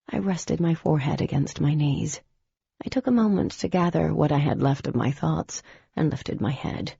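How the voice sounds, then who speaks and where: A woman narrating a first-person audiobook in a measured, intimate storytelling way. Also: low-pitched, creaky, mellow, slightly rough, no room sound, highs cut off.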